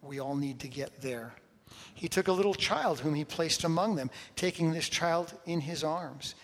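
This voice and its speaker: A man's voice: fairly high pitch, normal speed, a bit bright. A man preaching a sermon as a pastor, conversational at first and building to emphatic intensity. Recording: long hall reverb.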